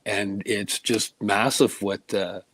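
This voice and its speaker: A man's voice: lowish voice, steady tone, takes it slowly, a bit bright, no room sound. A man co-hosting a casual podcast chat, telling long earnest stories. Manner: earnest, rambling storyteller. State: getting emotional.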